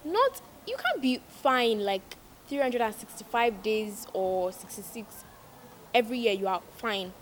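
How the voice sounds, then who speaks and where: Emphatic young woman vlogger, higher voice. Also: animated, unhurried, a little hiss or hum. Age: young adult. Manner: emphatic, preachy, repeats lines for stress. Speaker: vlogger giving advice. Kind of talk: casual advice monologue to viewers.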